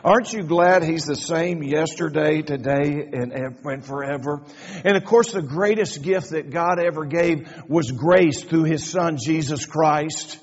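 Older man, pastor, high-pitched and folksy, preaching in a reverberant church on a dull, lo-fi recording. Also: a little slow, husky. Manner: folksy, joking asides building to fervent preaching. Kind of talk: sermon. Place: church sanctuary. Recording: echoey church hall, dull lo-fi sound.

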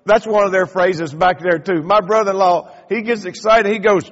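Pastor guy preaching, highish voice, dull sound with a long church echo. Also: moderate pace, few pauses. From Kentucky. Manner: folksy, storytelling, playful asides to the congregation. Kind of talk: sermon. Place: church sanctuary. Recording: dull lo-fi sound in a reverberant hall.

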